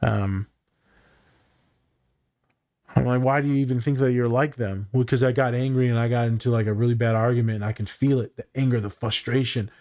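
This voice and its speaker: A man's voice: medium pitch, fairly quick. A man, a therapist, chatting casually on a podcast, telling client stories with lots of swearing and acted-out quotes. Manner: profane, animated storytelling with acted-out quotes.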